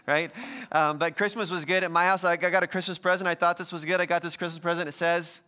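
Male pastor, bright clear voice, chatty sermon, slightly high pitch. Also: steady tone, a little fast. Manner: friendly, conversational, chatty with the congregation.

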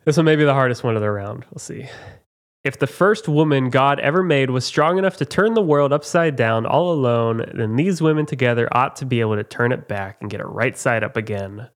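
A man's voice: mid-range voice, animated, a little fast. A man hosting a casual trivia quiz, reading out questions and joking about himself, with many fillers. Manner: reads questions, chatty and self-mocking, many fillers. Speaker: quiz host.

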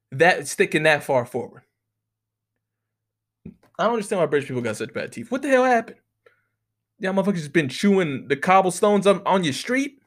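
An American man doing a comedic monologue, telling rambling stories and ranting with constant profanity. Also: a little high. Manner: profane, animated, rambling storytelling.

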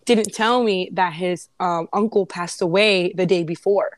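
Woman, casual talker, lively storyteller who acts out voices, dry close mic. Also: on the low side, a little slow, no echo. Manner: animated storyteller, acts out quotes. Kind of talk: casual chat.

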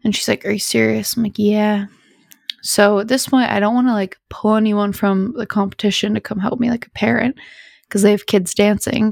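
A woman's voice: mid-range voice, creaky, a little mellow, dry recording, studio quality. A young woman in her twenties hosting a podcast, telling a rambling, filler-heavy story in a tired, sleepy way. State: sleepy, yawning. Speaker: podcast host. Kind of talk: casual storytime chat.

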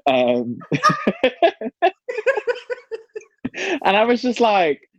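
A man's voice: high-pitched, huge pitch swings, extremely slow, no echo, dull audio. A man, a drag performer, chatting casually on a panel and laughing through his stage stories.

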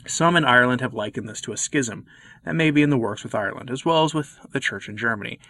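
Male video host, earnest scripted delivery, average pitch, dry untreated room. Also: fast talker, fairly bright tone, no echo. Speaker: Catholic commentary video host. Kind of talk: scripted commentary to camera.

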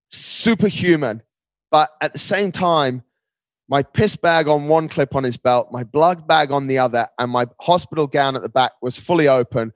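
A man, a podcast guest, telling a personal story in casual conversation. He talks in an animated way and keeps saying "mate.". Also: fairly high pitch, dry recording. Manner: animated, often says "mate".

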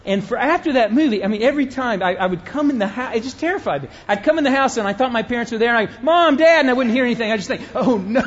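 Chatty middle-aged pastor, lo-fi sound. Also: male voice, extremely high pitch, racing, hardly any pauses, slight background noise. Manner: conversational and humorous, with frequent self-interruptions. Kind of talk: sermon.

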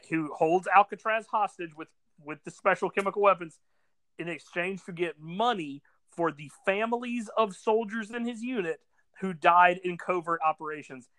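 A man's voice: sits high, fairly bright tone, no echo, low-quality recording. A man co-hosting a podcast in casual chat, wisecracking and playful. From South Carolina Lowcountry. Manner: wisecracking, puts on mock voices. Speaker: podcast co-host.

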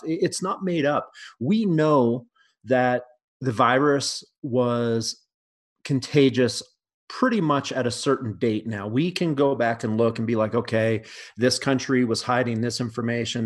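A man on a podcast, talking casually in a blunt, profane way with frequent restarts. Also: mid-range voice. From United States.

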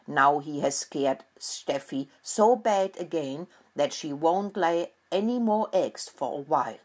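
Woman doing a gruff storybook farmer: low, slow and husky, menacing. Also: lively intonation, heavily acted.

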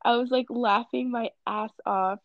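A woman's voice: a little high, fairly even intonation, no room sound, muffled recording. A teenage girl co-hosting a podcast, chatting casually, laughing often and speaking hesitantly. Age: teens. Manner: laughs a lot, slow and hesitant. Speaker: podcast co-host. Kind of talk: casual chat.

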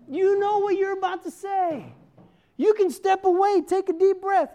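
A woman in her fifties preaching a sermon, animated and acting out the voices she quotes. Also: extremely high pitch, moderate pace. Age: 50s.

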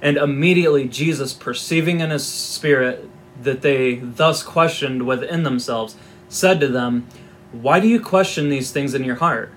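A man's voice: medium pitch, normal speed, fairly bright tone, a little hiss or hum. A man giving an informal Bible teaching, reading scripture aloud and explaining it in a conversational, wry way with asides.

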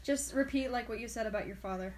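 A young woman co-hosting a casual podcast chat, reacting quickly and laughing often. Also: on the high side, very noisy. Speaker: podcast co-host.

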